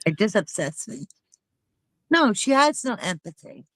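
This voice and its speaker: A woman's voice: mid-range voice, sing-song, measured pace, a bit bright, no echo, rough recording. A woman hosting a casual chat with friends, talking in an indignant, emphatic way.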